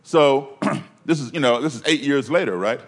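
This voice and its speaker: A man's voice: medium pitch, moderate pace. A man from Maryland telling a personal story in a conversational way, with fillers and restarts. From Maryland, USA.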